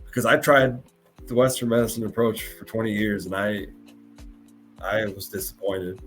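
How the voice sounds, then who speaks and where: A man's voice: lowish voice, flat delivery, normal speed, a bit bright, faint music behind. A man hosting a live podcast, talking in an earnest, emotional way and often stopping to repeat and restart his words. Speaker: podcast host.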